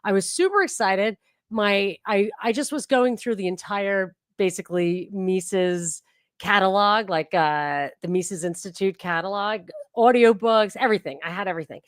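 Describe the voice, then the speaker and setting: A woman's voice: mid-range voice, normal speed, dry recording. A woman podcast host talks casually through a book, chatty and rambling, often restarting her sentences. Her voice sits in a medium range. The recording is close and dry. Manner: chatty and digressive, with frequent restarts. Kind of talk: casual book reading and discussion.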